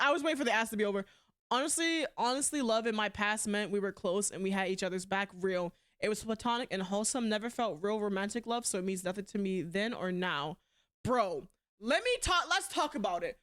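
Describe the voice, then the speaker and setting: A young woman streaming live, chatting casually and bluntly, swearing a lot and swinging between loud outbursts and quieter asides. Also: mid-range voice, expressive, fairly quick. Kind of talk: casual livestream chat.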